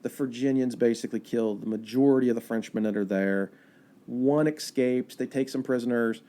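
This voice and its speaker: A man, a park ranger guest, telling history in a chatty, animated storytelling way. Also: medium pitch, moderate pace. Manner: animated, chatty storyteller with fillers and quoted asides.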